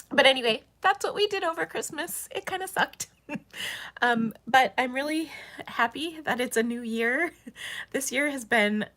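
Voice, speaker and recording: A middle-aged woman hosting a casual live stream, tearful and crying on and off, talking haltingly with many restarts and soft laughs. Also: lowish voice. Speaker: host of a craft live stream. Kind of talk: casual livestream chat.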